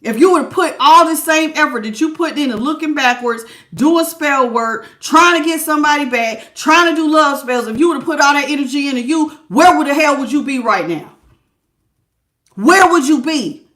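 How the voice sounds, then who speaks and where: A woman's voice: sits high, expressive, moderate pace, fairly bright tone, reverberant. A woman giving a live tarot reading, scolding her listeners with blunt tough love in slangy casual talk and calling them baby. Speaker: tarot reader.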